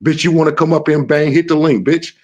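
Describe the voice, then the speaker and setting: Male streamer, slightly high voice, brash and profane, confrontational live rant. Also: fairly even intonation, a little fast, a little mellow, dull audio. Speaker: livestream host.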